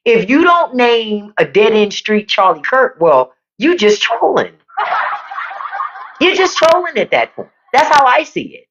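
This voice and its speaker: Woman on a live stream talking to y'all, animated pitch, kinda dull lo-fi audio. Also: a little slow, background noise. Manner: playful, laughs often, talks to viewers as y'all. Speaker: podcast host on a live stream. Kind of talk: casual livestream commentary.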